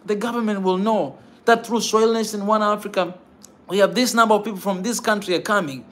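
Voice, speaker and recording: A man with a rather high voice talks fervently to his viewers as host of a pan-African channel. He repeats his phrases for emphasis and keeps tagging them with "man," pleading more than lecturing. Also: fairly even intonation, brisk, fairly bright tone. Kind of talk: impassioned livestream talk to viewers.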